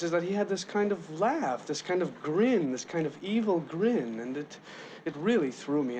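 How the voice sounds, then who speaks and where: A man's voice: fairly high pitch, a little hiss or hum, natural voice. A man playing a stammering, awkward young suitor. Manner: halting, stammering, full of restarts. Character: awkward, rambling young man courting a woman. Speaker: film character. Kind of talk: 1970s film comedy acting.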